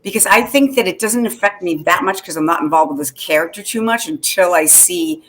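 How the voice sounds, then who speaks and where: A woman co-hosting a casual fan podcast, chatty and quick to laugh, with many fillers. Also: on the low side, animated, fairly bright tone. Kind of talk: casual chat.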